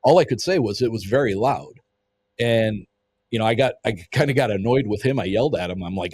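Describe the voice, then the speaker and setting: A man with a husky, fairly low voice tells a story to a podcast host in a loose, vivid way. He swears freely and acts out what others said. The sound is dry and close, with no room around it. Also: lively intonation, fairly quick, a little mellow, dry recording. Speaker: podcast guest. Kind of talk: casual storytelling.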